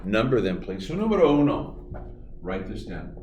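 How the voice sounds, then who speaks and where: Male teacher, playful, slow repetition; lowish voice, echoey distant recording. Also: sing-song, darkish tone, slight background noise. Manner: playful, jokey, repeats words slowly for students. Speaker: Spanish teacher. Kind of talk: remote classroom lesson. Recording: echoey room, from far off, faint music.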